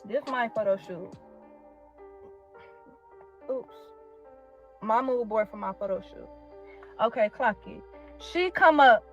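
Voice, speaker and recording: Young Chicago woman, high-pitched, blunt storytime rant, dull lo-fi audio with faint music. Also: takes it slowly, pauses often. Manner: blunt, profane, exasperated, repeats herself for emphasis. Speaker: content creator telling her side of a feud.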